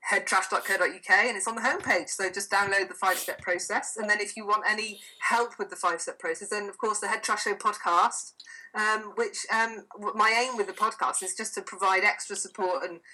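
A woman's voice: medium pitch, steady tone, a little fast, sharp tone, low-quality recording. A woman, a therapist, speaking as a guest in a podcast interview, enthusiastic and emphatic as she retells sessions with clients. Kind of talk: conversational interview.

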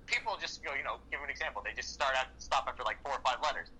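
A man co-hosting a casual movie-review podcast, excitable and profane, often acting out lines from the film. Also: mid-range voice, rapid-fire, a little hiss or hum, low-quality recording. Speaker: podcast co-host.

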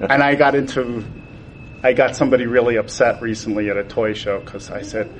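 A man's voice: medium pitch, lively intonation, measured pace. Middle-aged guy telling toy stories on a con panel, laughs a lot, does everyone's voices, bit of hiss. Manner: chatty, laughs often, acts out quotes. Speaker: toy designer guest. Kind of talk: casual anecdotal storytelling. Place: convention panel.

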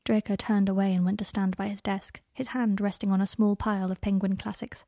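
A woman reading a story aloud, with soft, intimate, measured narration. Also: mid-range voice, flat delivery, dry recording, clean studio sound. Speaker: podfic reader. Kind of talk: audiobook narration of fan fiction.

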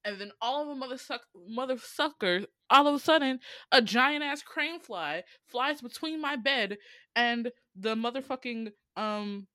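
This Southern-accented woman from Georgia hosts a podcast, spinning stories casually with profanity, drama, and animated swings in her voice. She sounds a little high and keeps a measured pace. The recording is dry.

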